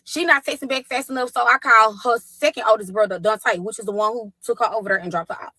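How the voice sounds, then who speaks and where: A woman telling a tense story about her daughter, quoting texts and calls in a fast, profane way. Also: a little high, steady tone, pushed and bright, dry recording, poor audio. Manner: fast, profane retelling with quoted dialogue. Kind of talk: animated storytelling.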